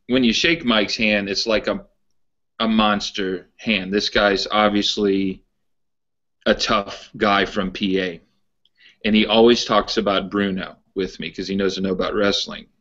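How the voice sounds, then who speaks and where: Low-voiced male podcast co-host, rambling storyteller, muffled lo-fi audio. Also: flat delivery, unhurried, a bit bright. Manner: rambling storyteller, repeats words. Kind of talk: casual chat.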